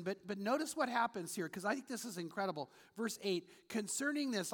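With a long reverberation filling the auditorium, a man preaches as pastor, reading scripture out loud and weaving in stories earnestly. His voice sits high and has a bit of brightness to it.

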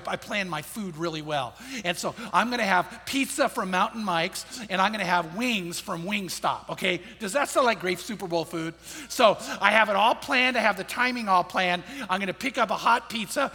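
Male pastor, sermon, high voice, breathy edge, conversational storytelling, long hall reverb. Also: bright, forceful tone. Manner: conversational, storytelling, repeats key phrases.

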